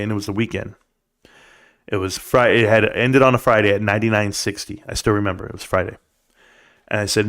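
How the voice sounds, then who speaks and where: A man's voice: on the low side, fairly even intonation, fairly quick, a bit bright. A man hosting a livestream, ranting casually with rambling stories and emphatic rhetorical questions. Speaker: livestream host. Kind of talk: casual stock-market rant.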